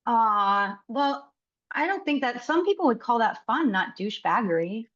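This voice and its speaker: Woman, 30s, podcast guest, candid, giggly, a bit high-pitched, slightly dull recording. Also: big pitch swings, moderate pace, a bit bright. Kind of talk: casual chat. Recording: slightly dull mic sound.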